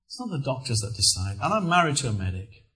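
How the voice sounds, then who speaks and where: A middle-aged man preaching a sermon, telling personal stories with earnest, lively emphasis. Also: mid-range voice, fast talker, rough recording.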